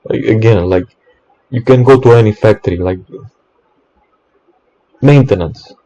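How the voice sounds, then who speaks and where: A man's voice: fairly low pitch, unhurried, mellow, low-quality recording. A man, an electrician, in an exasperated ranting monologue, swearing often and stumbling over restarts.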